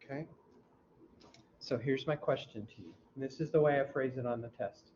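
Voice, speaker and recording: A man teaching a class, quizzing students and mimicking heart sounds out loud, heard in a dull, lo-fi classroom recording. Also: medium pitch, moderate pace. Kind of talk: classroom lecture. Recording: dull lo-fi recording with faint hum.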